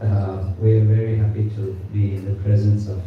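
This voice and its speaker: A man's voice: fairly low pitch, little pitch movement, normal speed, narrow, tinny audio, background noise. A man hosting a gathering, introducing a guest speaker with many fillers and inviting people to sit closer. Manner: warm-up with fillers, coaxing the crowd forward. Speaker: event host introducing the guest. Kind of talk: formal introduction at a temple gathering. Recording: echoey hall, voice far from the mic.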